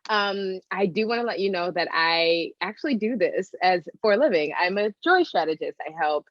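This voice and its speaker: A woman coaching client, hesitant and searching for words, with many pauses and fillers. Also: on the low side, animated, no room sound, dull audio. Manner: hesitant, many ums and likes, emotional. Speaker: coaching client, joy strategist for working moms. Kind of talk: role-play then open reflection.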